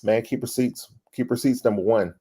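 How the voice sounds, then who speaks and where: A middle-aged man, a podcast guest, telling his career story in a casual, animated way, swearing and acting out past scenes. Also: medium pitch, normal speed, breathy edge. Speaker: podcast guest, ad creative director.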